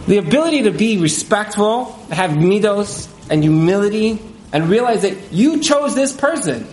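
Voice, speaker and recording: Man, marriage counselor, casual interview talk, high voice, lots of "like" fillers, echoey room. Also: normal speed, slight background noise. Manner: animated, many fillers, acts out quoted couples.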